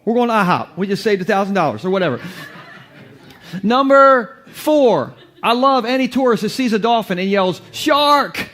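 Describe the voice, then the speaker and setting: A man's voice: high-pitched, animated, moderate pace, a bit bright. A man preaching as a pastor to his congregation, in a playful joking way, often laughing. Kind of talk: humorous sermon. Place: church basement before a congregation.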